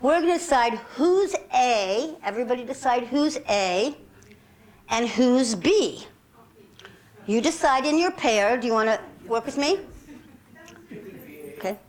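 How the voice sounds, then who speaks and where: A woman with a high, light voice leads a self-defense class, giving upbeat, directive instructions. She keeps it playful while she runs the group through the exercise. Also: animated, unhurried, long pauses, rough recording.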